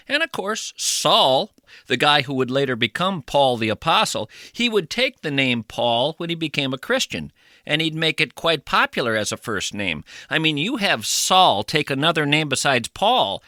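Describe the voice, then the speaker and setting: Bright, playful male talk host. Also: a little high, dry recording, clean studio sound. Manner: playful, absurd wordplay riffs. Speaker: radio talk show host. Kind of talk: comedic monologue.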